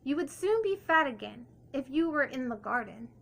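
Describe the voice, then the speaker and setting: A woman's voice: high-pitched, big pitch swings, normal speed, gravelly, a bit bright, a little hiss or hum, heavily acted. A woman voicing an eager young male duck, persuasive and upbeat. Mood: coaxing.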